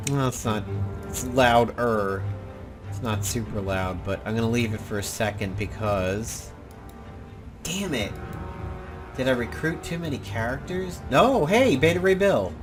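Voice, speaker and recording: A man's voice: mid-range voice, animated, slow, long pauses, music in the background. A man hosting casual gameplay commentary, rambling and blunt, with the odd swear. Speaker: gaming channel host.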